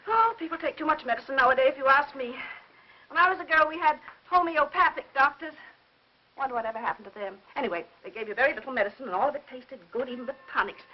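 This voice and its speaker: A high-pitched, fussy old aunt who chatters endlessly and meddles in everything. Her sound comes through a muffled old film soundtrack with a faint hiss under it. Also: expressive, quick pace. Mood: prattling. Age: older. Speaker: busybody aunt. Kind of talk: 1950s film acting.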